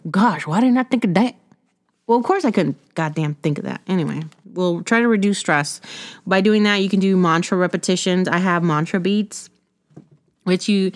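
A woman with a slightly low-pitched voice, rambling casually through a solo podcast. She talks candidly, dropping curse words and laughing now and then. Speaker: podcast host.

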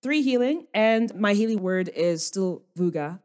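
A woman's voice: medium pitch, lively intonation, measured pace, darkish tone. A woman playing a tabletop game, describing what her character does. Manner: chatty, describes actions. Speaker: player.

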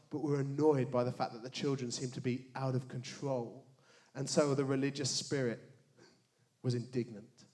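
A man preaching a sermon, animated, with joking asides and dramatic hushed emphasis on key words. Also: mid-range voice. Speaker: pastor.

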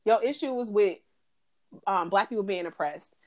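A young woman co-hosting a podcast, ranting in a heated, profane and animated way in casual chat. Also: mid-range voice, moderate pace. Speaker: podcast co-host.

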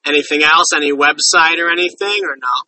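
A man hosts a podcast in a friendly, rambling way, often apologizing and circling back. His voice is fairly high and very bright. He sounds a bit far from the mic in a dry room. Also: steady tone, brisk, no room sound. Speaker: podcast host. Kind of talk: casual interview chat.

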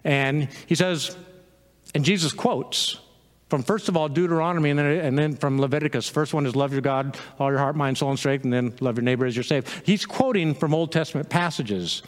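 A man preaching a sermon as pastor, animated, with laughs and quick quoted asides. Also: fairly high pitch, long reverb tail.

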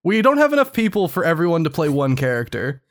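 High, lively man hosting, sweary and teasing. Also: fast. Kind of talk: casual group banter.

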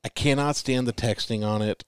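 A man's voice: mid-range voice, fairly even intonation, normal speed, clear, resonant tone, no echo, clean studio sound. A man co-hosting a casual sports chat, easygoing and rambling with fillers. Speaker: co-host.

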